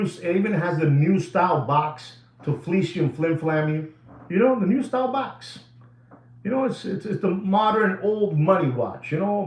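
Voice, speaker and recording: A man's voice: high-pitched, darkish tone. Emphatic man in an echoey room. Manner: emphatic, repetitive, mixes in Spanish phrases. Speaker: watch market commentator. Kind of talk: animated price commentary.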